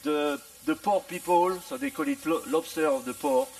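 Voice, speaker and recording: Halting, gravelly chef from France. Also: male voice, very high-pitched, sing-song, darkish tone, no room sound, far from the mic, low-quality recording. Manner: halting, repeats words and restarts, dry humor. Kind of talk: live cooking demonstration. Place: festival demonstration tent.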